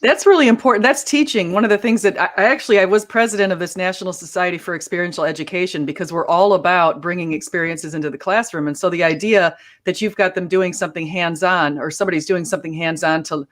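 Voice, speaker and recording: A man's voice: high voice, fast, few pauses, a bit bright. A man who runs a Christian channel, talking earnestly in a casual panel chat and now and then mimicking preachers.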